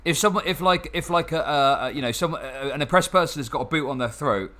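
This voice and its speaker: A man's voice: a little high, fast, sharp tone. A young man chatting casually and sarcastically while playing a game, swearing often and rambling with restarts. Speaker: gaming channel host.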